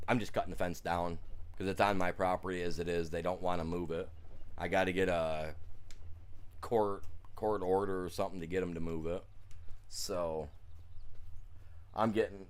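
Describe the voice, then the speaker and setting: Lowish voiced guy ranting on his game stream, blunt and rambly, lots of you know what i mean. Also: smooth. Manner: rambling, heated storytelling with many restarts and fillers; blunt, colloquial, confrontational. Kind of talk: casual chat while streaming a game.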